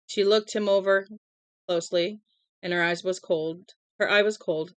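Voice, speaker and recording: A woman reading a novel aloud in a plain, unhurried way, with small slips, into a close mic at home. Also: mid-range voice, fairly bright tone, clear, resonant tone, no echo. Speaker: audiobook reader.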